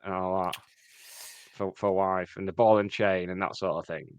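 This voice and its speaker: A man co-hosting a podcast in casual chat, with wry deadpan quips. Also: low-pitched, normal speed, clean tone, no room sound, dull audio. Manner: wry, deadpan quips, mock newsreader delivery. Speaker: podcast co-host.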